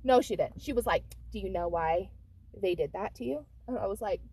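A woman's voice: medium pitch, fairly quick, husky. A woman co-hosting a casual podcast, telling a story with lots of swearing and acted-out quotes. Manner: profane, animated storyteller who acts out quotes. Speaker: podcast co-host.

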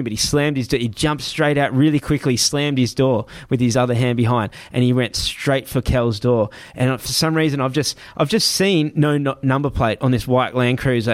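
A man's voice: medium pitch, no room sound. A young man casually recounting a story as a guest, swearing heavily and restarting phrases as he goes. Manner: heavy swearing, vivid re-telling with restarts. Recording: dry close sound.

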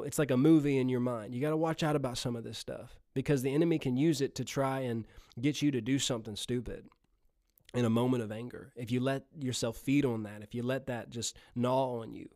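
A man's voice: mid-range voice, darkish tone, dry recording, clean studio sound. A man preaching a sermon in an earnest, conversational way, often chuckling as he speaks.

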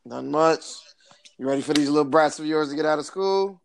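A man's voice: a little high, fairly quick, vocal fry, a little hiss or hum. A man in his thirties hosting a podcast in casual chat, rambling and hesitant, with lots of fillers. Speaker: podcast host.

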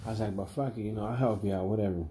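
A man's voice: fairly low pitch, steady tone, racing, dark tone, a little hiss or hum. A middle-aged man telling stories in a casual, profane, slangy way, laughing as he goes. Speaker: storyteller. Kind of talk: casual storytelling.

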